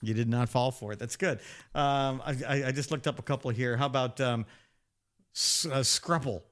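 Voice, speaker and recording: A man co-hosts a podcast in relaxed, casual chat. He is playful and sarcastic and often trips over words before landing them. His voice sits at a middling pitch for a man. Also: moderate pace. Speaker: podcast co-host.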